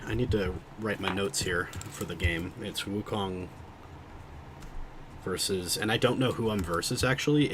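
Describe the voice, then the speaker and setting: A man with a lowish voice chats casually with his viewers while he plays a game. He rambles, thinks out loud and cuts himself off mid-sentence. He speaks into a desk mic in a room at home, with a faint hiss behind him. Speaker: streamer. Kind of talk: casual livestream chat while gaming.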